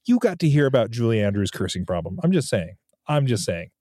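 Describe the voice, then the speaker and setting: A man's voice: medium pitch, big pitch swings, fast talker, mellow, husky, no room sound, clean studio sound. A man hosting a casual podcast, wrapping up the episode and previewing the next one. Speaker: podcast host. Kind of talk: casual chat.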